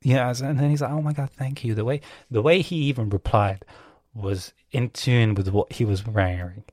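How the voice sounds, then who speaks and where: A man's voice: medium pitch, moderate pace, a little mellow, no echo, studio quality. A young man talking casually on his own, rambling and correcting himself, swearing often. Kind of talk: casual monologue.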